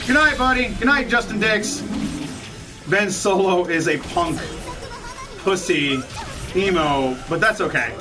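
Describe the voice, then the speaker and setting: A man's voice: high-pitched, animated, slow, pauses often. A man hosting a let's play, chatting casually with viewers in a profane, ranting way and laughing often. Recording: distant mic with game music behind.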